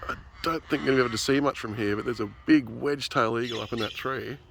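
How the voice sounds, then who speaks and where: A man with an Australian accent, chattily narrating a casual nature vlog outdoors for his nephews, getting excited and hushing near animals. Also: medium pitch, fast talker, gravelly, slight background noise. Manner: chatty and enthusiastic, drops to a hush near animals. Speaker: uncle filming a nature video for his nephews. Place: outdoors in a rural yard with bush and birds.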